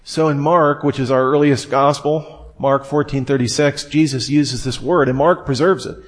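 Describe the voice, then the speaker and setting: A man's voice: mid-range voice, steady tone, moderate pace. A man teaching the Bible in a conversational sermon, with digressive asides and repeated words. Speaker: preacher.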